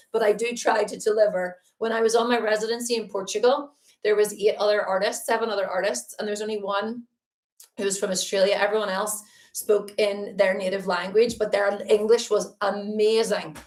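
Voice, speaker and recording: A woman's voice: mid-range voice, steady tone, normal speed, a little mellow. A woman teaching a live-streamed painting lesson, chatty and upbeat as she greets viewers between steps. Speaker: art teacher. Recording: roomy echo.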